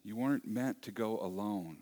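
A man preaching a sermon as pastor, earnest and repetitive, moving between soft near-whispers and loud emphasis. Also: fairly low pitch, normal speed.

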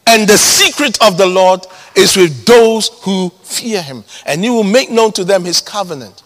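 Man, sermon, high voice, long hall reverb, repeats key words. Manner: emphatic, repeats key words, swings from loud to hushed. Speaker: preacher.

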